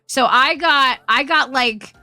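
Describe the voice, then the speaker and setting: Bright, high-voiced woman streamer. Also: takes it slowly, dry recording, soft background music. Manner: laughing storytelling, profane. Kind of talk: casual chat.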